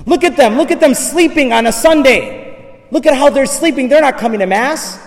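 A priest putting on a taunting devil. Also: male voice, extremely high pitch, lively intonation, normal speed, pitched above the performer's own voice. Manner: mocking, insistent, repetitive. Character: taunting male devil tempting Jesus. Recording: echoey church hall from far off.

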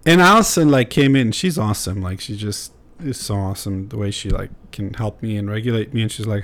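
Speaking fast in a lowish voice, a young podcast host chats candidly and rambles, with plenty of fillers and swearing.

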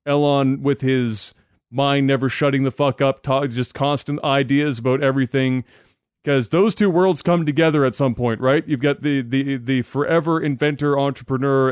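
A man hosting a podcast, talking in a casual, profane way and getting loud and animated when worked up. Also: mid-range voice, smooth, no echo, studio quality. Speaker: podcast host.

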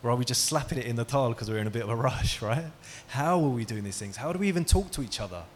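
A man's voice: mid-range voice, lively intonation, quick pace, slight background noise. A man giving an interactive talk, asking the audience questions and telling stories. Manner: engaging, asks the audience questions. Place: hall with an audience.

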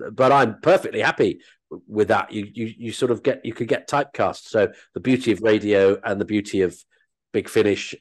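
A man who works as an actor and comedian, telling animated, self-deprecating anecdotes as an interview guest. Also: on the low side.

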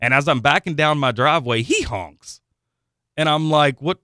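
A man, a radio producer, telling an animated story on air with acted-out quotes. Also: fairly high pitch, normal speed, clear, resonant tone, no room sound, clean studio sound. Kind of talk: casual radio banter.

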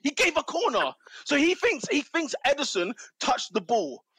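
A man's voice: very high-pitched, wildly swooping pitch, normal speed, bright, forceful tone, no room sound. A man arguing about football, ranting and exasperated, repeating his points. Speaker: football pundit. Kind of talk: heated football argument.

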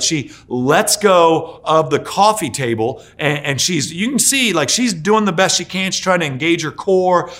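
A man in his forties preaching a sermon as a pastor, telling stories with lots of filler words and swinging from hushed to loud. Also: a little high. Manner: animated storytelling with many filler likes, swinging between hushed and loud.

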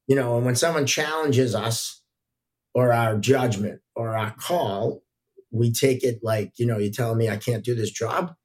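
A middle-aged man, a hockey referee, telling relaxed stories as a podcast guest, with frequent fillers. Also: medium pitch, a little slow. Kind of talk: casual podcast storytelling.

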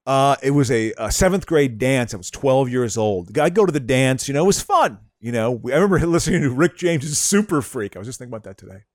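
Male podcast co-host, casual storyteller, lively swinging pitch, stammery restarts, dry mic. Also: a little fast, hardly any pauses, no echo. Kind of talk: casual chat.

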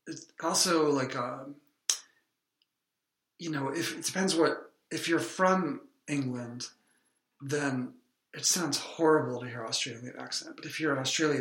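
A man co-hosting an improvised comedy podcast, rambling in a deadpan tone with hesitant ums. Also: medium pitch, roomy sound.

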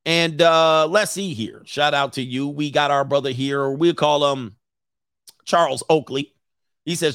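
A man's voice: fairly high pitch, unhurried, fairly bright tone, no room sound. Joking man in his forties, dry sound. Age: 40s. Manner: joking, rambling, laughs often. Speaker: dating and relationship coach. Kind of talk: casual livestream chat.

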